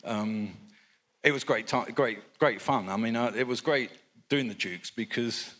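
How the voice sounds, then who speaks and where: An older record producer, interviewed on stage at a fan convention, telling rambling anecdotes with lots of fillers and asides. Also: male voice, mid-range voice, unhurried, a bit bright. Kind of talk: relaxed anecdotal storytelling.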